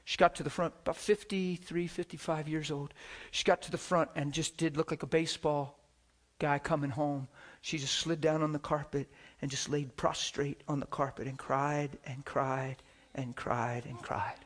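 A man preaching with a somewhat high voice. He tells stories animatedly, jumping from near-shouts to hushed whispers and laughing as he talks. A lively, unpolished pulpit delivery. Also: normal speed, hardly any pauses. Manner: laughs while talking. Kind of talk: sermon with personal stories.

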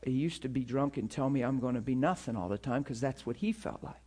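This pastor's voice is mid-range and husky, moving fairly quickly through his sermon. He relates a personal story with animation, laughing often and repeating words.

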